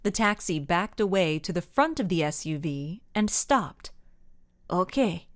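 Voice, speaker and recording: A woman reading a children's mystery audiobook aloud as narrator, with expressive storytelling. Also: on the low side, normal speed, no room sound, clean studio sound. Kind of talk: scripted narration.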